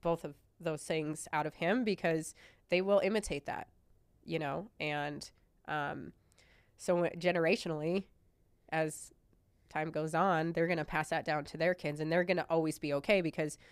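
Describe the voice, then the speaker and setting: A woman's voice: low voice, steady tone, moderate pace, clear, resonant tone, no room sound. Candid, chatty woman from Montana. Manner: candid, chatty, with mild cursing. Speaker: podcast guest. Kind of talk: casual interview chat.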